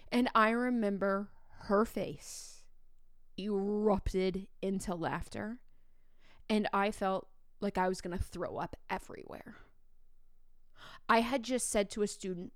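A woman's voice: mid-range voice, slow, pauses often, dry recording, studio quality. A woman in her thirties, a teacher hosting a podcast, telling a story in a casual way and acting out the dialogue with lots of fillers. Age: 30s. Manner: animated, acts out quoted dialogue, many fillers.

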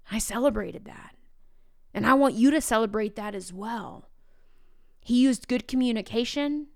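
A woman's voice: on the high side, creaky, no room sound, studio quality. A woman teacher talking casually and telling upbeat classroom stories. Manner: upbeat, storytelling. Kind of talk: casual podcast talk.

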